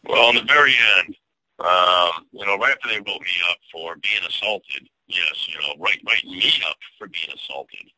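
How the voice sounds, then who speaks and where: A middle-aged man with a low voice and a very bright, sharp edge tells his story in an emotional, strained way. He acts out the back-and-forth of old conversations as he goes. The sound is dry and close. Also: no room sound, low-quality recording. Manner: tense, distressed, retells dialogue with quotes. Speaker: guest telling his story. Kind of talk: emotional personal account.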